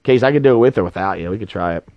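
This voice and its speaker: A man's voice: on the low side, expressive, rapid-fire, no echo. A middle-aged man hosting a sports podcast in casual chat, blunt and opinionated, swearing freely, on a dull lo-fi recording. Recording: dull lo-fi sound.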